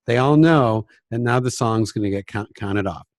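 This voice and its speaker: In a clean studio recording with no echo, a man with a fairly low voice speaks at normal speed. He's a music teacher giving an easygoing, self-deprecating talk on classroom behavior, frequently going hushed to act out scenes from class.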